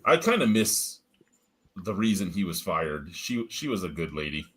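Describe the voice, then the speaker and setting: Husky-voiced man telling lively stories. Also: low voice, normal speed. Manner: storytelling with profane, laughing asides. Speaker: podcast host. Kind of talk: casual chat.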